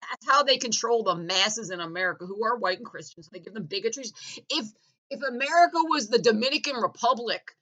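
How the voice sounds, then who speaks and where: A woman launches a heated, profane rant with biting sarcasm. Her voice is bright and edgy, and she mocks as she goes. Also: a little high, lively intonation, fairly quick, poor audio. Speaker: vlogger.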